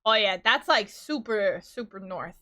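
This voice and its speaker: A woman's voice: medium pitch, lively intonation, unhurried, pushed and bright. A woman in her thirties with a New York accent, chatting casually with her live-stream viewers, rambling and laughing often as she riffs on tangents. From New York, USA.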